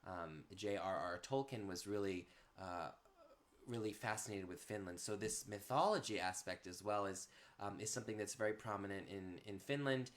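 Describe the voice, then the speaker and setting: A man presenting a literary music program, explaining at an unhurried pace and pausing to find words, then reading verse in a measured, rhythmic cadence. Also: on the low side. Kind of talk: informal explanation and poetry reading.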